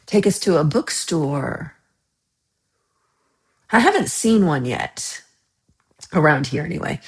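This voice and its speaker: A woman hosting a casual livestream, chatting and reacting to viewer comments in a rambling way with frequent laughs. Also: sits low. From United States. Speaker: livestream host.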